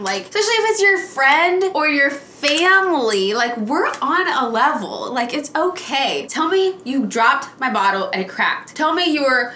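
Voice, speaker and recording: A woman vlogger chatting casually to viewers at home, animated and ranting about a pet peeve. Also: high-pitched, normal speed, hardly any pauses, slight background noise. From Alaska. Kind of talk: casual vlog chat. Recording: echoey room.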